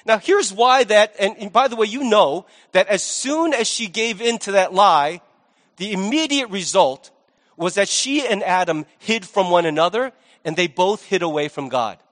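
A male pastor delivers a sermon in a loose, conversational way, dropping jokey asides between points. His voice sits fairly high for a man. A long reverb from a large church hall hangs behind him. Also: lively intonation, normal speed, a bit bright.

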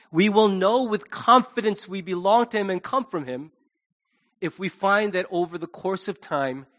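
Animated preacher man with a lifted voice. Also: a little high. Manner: animated, acts out quoted voices. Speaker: pastor. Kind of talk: sermon.

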